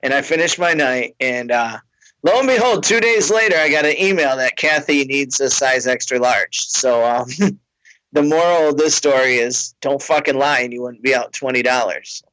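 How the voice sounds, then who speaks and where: A man's voice: medium pitch, normal speed, bright, forceful tone, no echo, poor audio. Rambling, self-mocking comedian man. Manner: rambling, self-mocking, laughs between lines. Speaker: comedian, podcast host. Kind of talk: casual storytelling.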